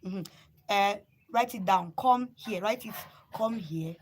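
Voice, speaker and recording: Taking it slowly in a mid-range voice, a young Igbo-native Nigerian woman gives a casual live lesson on her phone, repeating and spelling words and urging viewers to write them down. The recording is rough, with slight background noise.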